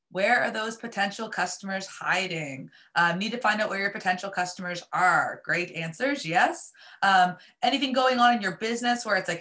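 A woman presenting a live online marketing workshop, upbeat and chatty, her voice a little raspy as she is losing it. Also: medium pitch, pushed and bright. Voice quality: slightly raspy. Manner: upbeat, chatty, many fillers.

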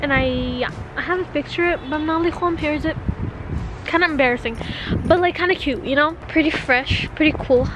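A young woman chatting excitedly and breathlessly on a handheld phone camera in a casual vlog, now and then slipping into Arabic phrases. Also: high voice, brisk, heavy background noise. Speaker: vlogger.

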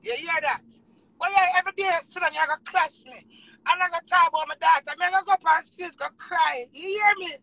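High, piercing Jamaican woman ranting. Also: a little fast, no room sound, low-quality recording. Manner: ranting, swinging from low mutters to shouts; heavy patois swearing. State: tearful. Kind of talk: emotional live rant.

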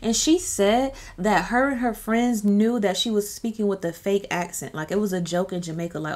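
A woman's voice: mid-range voice, a little fast, hardly any pauses, a little mellow. A woman giving casual, chatty commentary on her channel, full of sassy asides. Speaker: YouTube commentator.

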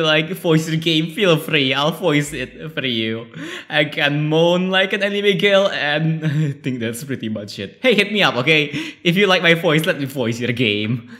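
A man giving casual, excitable commentary while playing a game, laughing often and swearing. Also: fairly high pitch, normal speed. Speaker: let's play gamer.

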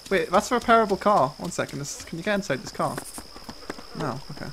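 A man's voice: high voice, animated, quick pace, creaky, a bit bright, a little hiss or hum, poor audio. A man streaming a game, chattering nervously and jokingly while pleading with his captors over a headset mic. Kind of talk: live game stream chat.

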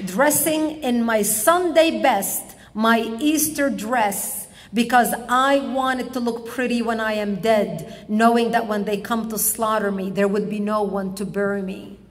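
Woman, from Lebanon, impassioned speech, higher voice, long hall reverb. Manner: dramatic storytelling, slow emphatic pauses. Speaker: public speaker. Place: public event hall.

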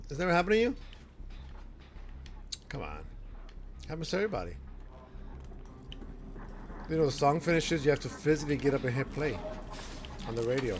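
A middle-aged man streaming a game live, chatty and excitable, laughing and swearing at scares. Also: on the high side, fairly quick, long pauses. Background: game music.

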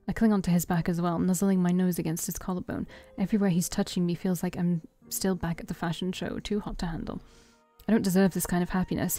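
A woman's voice: lowish voice, dark tone. A woman streamer reading a dating-sim game's text aloud, voicing every part in her own voice and breaking off for joking asides. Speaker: let's-play streamer reading a visual novel aloud. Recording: faint game music behind.

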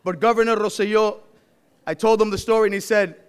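A man from Puerto Rico speaking to a banquet crowd and introducing the governor, heartfelt and building to a rousing pitch. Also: steady tone, a little fast, clear, resonant tone. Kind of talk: public address at a dinner.

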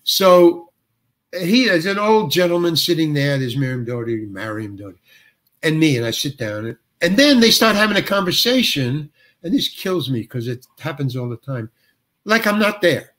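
An older male actor, a guest, telling a long anecdote and acting out the other people's dialogue with lively shifts of voice. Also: on the high side, moderate pace. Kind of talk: storytelling anecdote.

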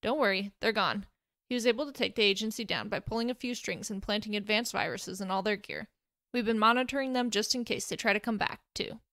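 A woman's voice: mid-range voice, fairly quick, bright, forceful tone, no room sound, studio quality. A woman voicing an awkward, nervous young man who drives and hides a secret, apologetic and a bit too eager.

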